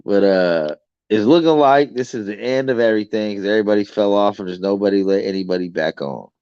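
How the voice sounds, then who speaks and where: A man's voice: on the low side, quick pace, a little mellow, clear, resonant tone, dry recording, lo-fi sound. A man hosting a late-night livestream chat, blunt and profane, acting out both sides of his arguments. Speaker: livestream host.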